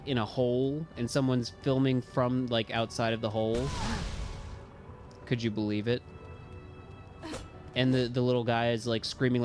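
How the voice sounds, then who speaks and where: A young man streaming a game live, chatting casually, rambling between topics and yelling and swearing at the enemies. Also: mid-range voice. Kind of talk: casual live gameplay commentary. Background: game music.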